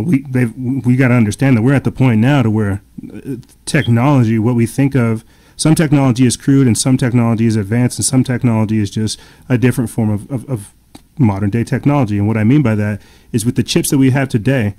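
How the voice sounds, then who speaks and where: A man's voice: mid-range voice, warm tone. A man in casual podcast chat, talking in long rambling runs full of fillers and restarts.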